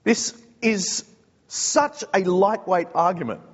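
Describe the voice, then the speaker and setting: A man with an Australian accent preaching a sermon, animated and joking, putting on mock voices to make his point. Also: high voice, slow pace, husky, in a large hall, highs cut off.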